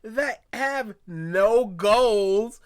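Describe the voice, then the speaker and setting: A man's voice: high-pitched, drawn-out words, clean tone. A man co-hosting a casual chat, chiming in with dry jokes and laughter. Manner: dry jokey interjections, laughing. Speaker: co-host.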